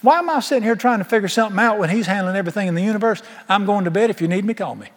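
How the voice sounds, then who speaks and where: A man's voice: high voice, rapid-fire, in a large hall. A man preaching a sermon in a large church, folksy and emphatic, firing rhetorical questions at the congregation. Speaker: pastor.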